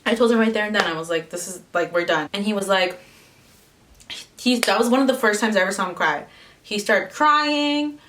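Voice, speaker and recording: A woman's voice: medium pitch, fairly quick, a bit bright, far from the mic. A young woman telling a personal story in casual vlog chat, full of "like" fillers. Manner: chatty, lots of "like" fillers. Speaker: vlogger.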